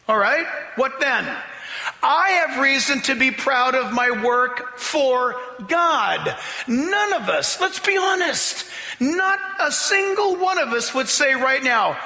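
A man preaches a sermon in a church sanctuary, his voice high and sharply bright. He drags out scripture readings for emphasis and swings his pitch widely as he works the congregation. A long hall reverb hangs on every phrase. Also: big pitch swings, gravelly. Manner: emphatic, slows down to read scripture, mimics voices for illustration. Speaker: pastor.

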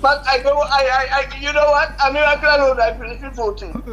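On a call-in radio show, an older woman airs her frustration with emphatic repetition. Her high, slightly bright voice moves quickly with fairly even intonation, and the poor audio carries slight background noise.

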